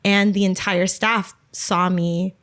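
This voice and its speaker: Animated young woman telling stories. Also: mid-range voice, slow. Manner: animated storyteller, laughs through her telling. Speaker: podcast co-host. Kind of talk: casual chat.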